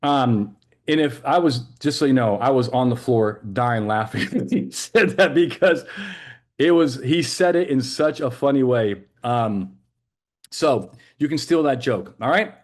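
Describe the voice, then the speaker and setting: Man, webinar instructor, middle pitch, conversational, joking, fillers. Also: animated, a little slow. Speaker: legal trainer for police. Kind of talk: live webinar lecture.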